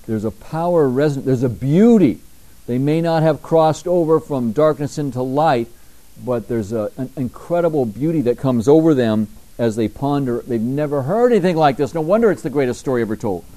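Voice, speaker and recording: A male pastor delivering an emphatic sermon, slowing down deliberately when he reads scripture aloud. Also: a little high, dark tone. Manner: emphatic preaching, slows down to read scripture.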